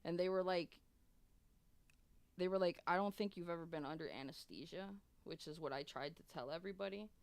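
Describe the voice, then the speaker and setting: A woman's voice: lowish voice, brisk, gravelly, darkish tone, no room sound. A young adult woman streamer telling a long personal story in casual, profane, rambling chat with many restarts.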